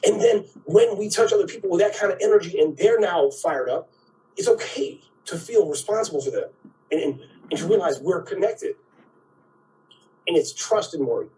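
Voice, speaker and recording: A man's voice: sits high, expressive, moderate pace, dark tone, recorded from a distance, slight background noise, rough recording. A man giving a spiritual talk, who keeps checking in with "right?" and acts out quoted voices.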